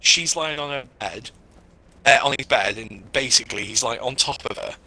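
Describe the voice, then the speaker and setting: A man with a British accent chatting casually while gaming, telling stories in an animated, profane way. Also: medium pitch, normal speed. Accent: British English. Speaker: streamer.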